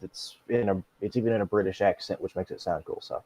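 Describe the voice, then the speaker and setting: A man chatting casually as co-host, halting and restarting as he talks. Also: sits low, darkish tone, no room sound. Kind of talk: casual chat.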